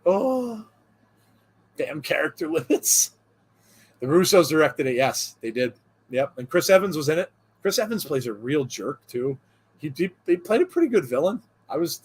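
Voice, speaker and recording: A man co-hosting a podcast in relaxed, casual chat. He reads jokes aloud, chuckles often and rambles through fillers. His voice sits at an everyday middle pitch. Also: husky. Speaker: podcast co-host.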